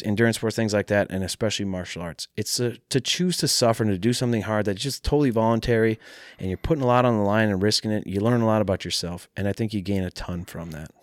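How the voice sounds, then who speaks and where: A man, a professional fighter, casually telling a story in a podcast interview, lively and profane, acting out his own shouting. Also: lowish voice, no room sound, studio quality. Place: martial arts academy.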